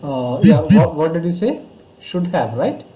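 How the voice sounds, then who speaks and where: A man with an Indian English accent from Kerala, teaching grammar online over a video call, explaining slowly and patiently with many fillers. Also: fairly high pitch, very animated, dark tone, roomy sound, highs cut off, slight background noise. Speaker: English tutor.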